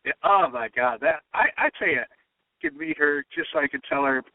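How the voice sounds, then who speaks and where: Male comedy writer telling lively anecdotes, mimicking quotes; thin phone-line audio. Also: fairly high pitch, brisk, creaky, dry recording. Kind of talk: storytelling interview talk. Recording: tinny phone-line sound.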